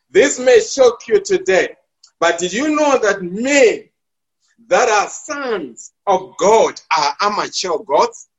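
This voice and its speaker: A man preaching a sermon with fervent, emphatic delivery, stretching out key phrases for weight. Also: sits high. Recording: dull lo-fi sound.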